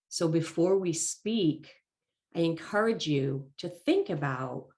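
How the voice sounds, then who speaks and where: A woman giving a talk as a life coach, calm and encouraging, slightly congested from allergies and clearing her throat now and then. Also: low voice. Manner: calm, encouraging and measured, stressing key phrases. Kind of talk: presented talk.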